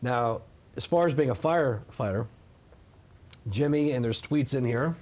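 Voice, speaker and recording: A man's voice: mid-range voice, unhurried, darkish tone. A man in his thirties answering interview questions in an emphatic, defensive way, often adding "okay?". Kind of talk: sit-down interview.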